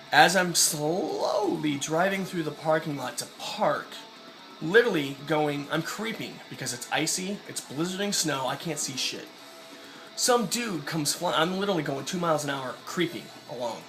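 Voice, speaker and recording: A young man telling an angry personal story in a vlog, swearing a lot and acting out the people he quotes. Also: fairly high pitch. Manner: profane, ranting, acts out quoted voices. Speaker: vlogger.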